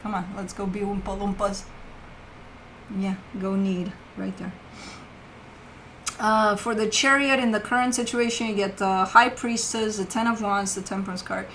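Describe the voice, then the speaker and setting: Bright-voiced woman doing a casual tarot reading. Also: mid-range voice, flat delivery, normal speed, slight background noise, low-quality recording. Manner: swears casually, talks to her pet between cards. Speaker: tarot reader.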